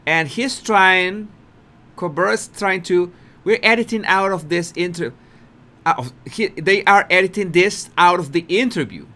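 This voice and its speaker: Brief: male video commentator, high and lively voice, unhurried and repetitive delivery. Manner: repetitive, restarts often, animated with laughter.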